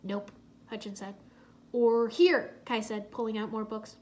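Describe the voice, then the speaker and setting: A woman narrating a children's storybook aloud in a soft, steady way. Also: medium pitch, normal speed.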